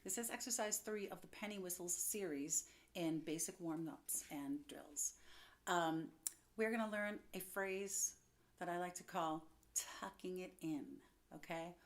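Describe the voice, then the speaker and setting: A young woman giving a singing lesson, upbeat and chatty, explaining as she goes. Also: lowish voice. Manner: upbeat, explains with quick demos and laughs. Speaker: vocal coach.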